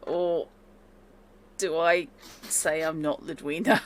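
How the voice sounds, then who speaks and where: A woman's voice: sits low, steady tone, takes it slowly, slight background noise. A woman, playing a solo tabletop game and talking through her choices in a chatty, exclaiming way. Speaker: player.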